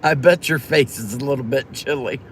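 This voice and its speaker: Speaking at normal speed in a bass voice, this livestream host chats casually and warmly with her viewers, using their names and pet names. There is slight background noise.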